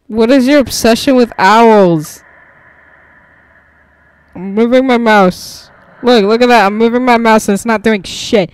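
A woman hosting a gaming video, giving loud, jumpy commentary as she plays, swearing and laughing at the scares. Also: fairly high pitch, a little slow, pauses often, clear, resonant tone, no room sound. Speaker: gaming channel host. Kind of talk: reactive let's-play commentary.

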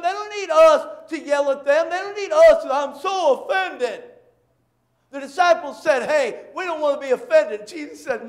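A man preaching a sermon as pastor, emphatic and repetitive, acting out quick bits of dialogue to make his points. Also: very high-pitched. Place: church. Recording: echoey church sanctuary.

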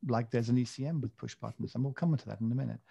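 Gravelly rambling man in casual podcast chat. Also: mid-range voice, fairly even intonation, racing, mellow, dull audio. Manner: rambling and self-mocking, with many fillers and restarts. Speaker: podcast co-host.

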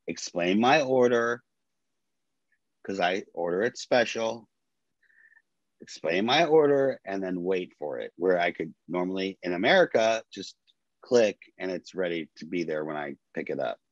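A man co-hosting a casual podcast tells his stories in a lively way, swearing freely and acting out what people said. His voice sits fairly low. The sound is dry and a little dull, like a lo-fi recording. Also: unhurried, no echo. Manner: animated storyteller, swears freely, quotes people. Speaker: podcast co-host. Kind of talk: casual chat.

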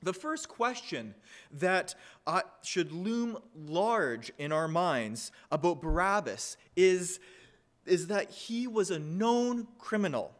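Male pastor, higher voice, very lively pitch, unhurried sermon delivery with scripture reading. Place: church.

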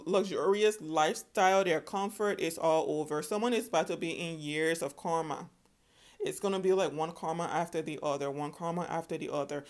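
Emphatic low-voiced woman tarot reader. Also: darkish tone. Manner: emphatic, keeps checking in with "okay?" and calls the listener "honey". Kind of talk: spiritual tarot reading.

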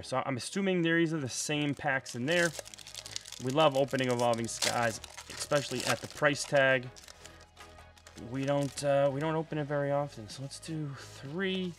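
A young man chatting casually while opening trading card packs, excitable and prone to loud outbursts. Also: medium pitch, moderate pace, soft background music. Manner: excitable, bursts into shouting and laughter over pulls. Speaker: card unboxing host.

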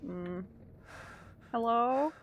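A woman's voice: a little high, expressive, drawn-out words, muffled recording, a little hiss or hum. A woman streaming a horror game live, jumpy and reacting aloud while she chats with viewers. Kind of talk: live gameplay commentary. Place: home room.

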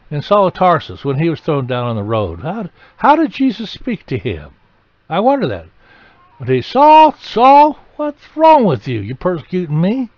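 A man preaching a sermon, telling the story dramatically and breaking into sudden loud, emphatic bursts. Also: medium pitch, dry recording, highs cut off.

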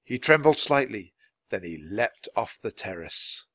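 A man reading a children's adventure book aloud, clear and steady for language learners. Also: fairly low pitch, unhurried, no echo. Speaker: storybook reader.

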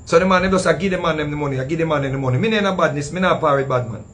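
A man with a Jamaican accent telling a story in casual patois, animated and acting out what others said. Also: on the high side, racing, slight background noise. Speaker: storyteller recounting a past show.

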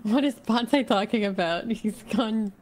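A woman on a group game call, quickly correcting others and laughing easily. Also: mid-range voice, a little mellow. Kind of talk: casual gaming chat.

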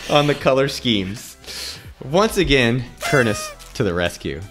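A man's voice: medium pitch, very animated, unhurried, fairly bright tone, soft background music. Laughing man reading ad copy dramatically. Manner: theatrical, breaks into laughter while reading. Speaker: host reading old ad copy aloud. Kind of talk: dramatic read-aloud with laughter.

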